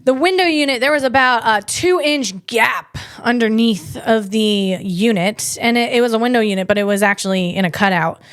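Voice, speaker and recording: A woman's voice: fairly high pitch, moderate pace, hardly any pauses, clear, resonant tone, dry recording, studio quality. A woman hosting a casual tech comedy podcast, rambling and self-deprecating as she tells personal stories. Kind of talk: casual solo podcast chat.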